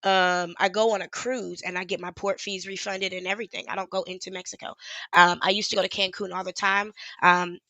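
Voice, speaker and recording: Chatty woman YouTuber, bright dry voice. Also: lowish voice, little pitch movement, brisk, no echo. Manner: chatty, rambling, frank with swearing. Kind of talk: casual livestream chat.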